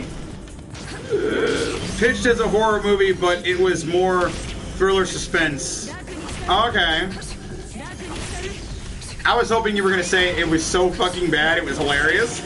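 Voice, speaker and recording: Brief: fairly high-voiced guy, sits back from the mic, cussing gamer rant. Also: measured pace, pauses often. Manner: profane, ranting, laughs often. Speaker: let's play host. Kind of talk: casual gameplay commentary chatting with viewers. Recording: distant mic with game music behind.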